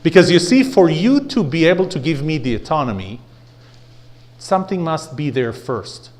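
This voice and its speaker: Male lecturer before a live room, higher-leaning voice that swings widely in pitch; blunt, gets the crowd to repeat lines. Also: normal speed. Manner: animated, has the audience repeat phrases; rhetorical questions, blunt. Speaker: leadership lecturer.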